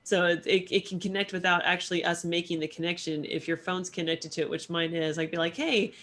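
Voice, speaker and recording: A woman's voice: little pitch movement, fast, fairly bright tone. A woman co-hosting a podcast in casual chat, bubbly and laughing often. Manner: bubbly, laughs often, squeals into high put-on quotes. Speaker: podcast co-host.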